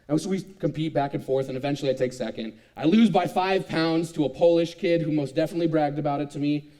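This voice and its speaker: A young man in his twenties giving a youth sermon, telling a lively, self-mocking personal story. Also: a little high, fast, hardly any pauses. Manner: animated, self-mocking storytelling with frequent laughs. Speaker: youth speaker.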